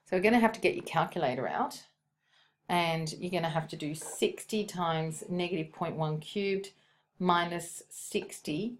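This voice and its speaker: Lower-voiced woman teaching maths. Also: a little slow, long pauses, a little hiss or hum. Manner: thinks aloud, corrects herself, checks with okay. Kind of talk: recorded maths lesson over a screen.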